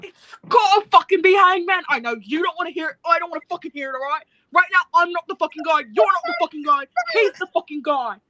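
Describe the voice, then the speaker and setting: A woman's voice: very high-pitched, fast, hardly any pauses, bright, forceful tone, no echo, pitched above the performer's own voice. A woman putting on a brash, cursing British man with a British accent, ranting insistently.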